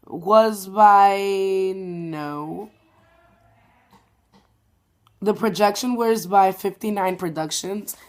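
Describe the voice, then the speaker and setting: A young woman giving a rambling, gushing spoken review of a stage show, full of "like" and "um". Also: mid-range voice. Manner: gushing, rambling, heavy "like" and "um" fillers. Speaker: theater reviewer vlogger.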